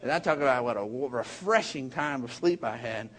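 A man preaching a sermon, animated and emphatic, with rambling asides, restarts and bursts of laughter. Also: mid-range voice, brisk. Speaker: pastor.

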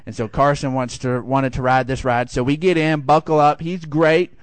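A middle-aged man preaching a sermon, telling a lively personal story and swinging high for the quoted voices. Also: moderate pace, few pauses, a little hiss or hum. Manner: animated storytelling, rising high for acted quotes. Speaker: pastor.

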